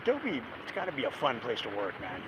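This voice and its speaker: Walking city streets amid loud traffic and street noise, a man chats for his vlog at a quick pace. His mid-range voice swings hugely in pitch as he rambles, filling gaps with fillers and chuckles.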